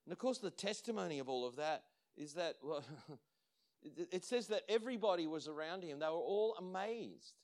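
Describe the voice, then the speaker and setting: Male pastor, slightly higher voice, animated storytelling sermon, laughs a lot. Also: moderate pace. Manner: animated storytelling, acts out quotes, laughs often.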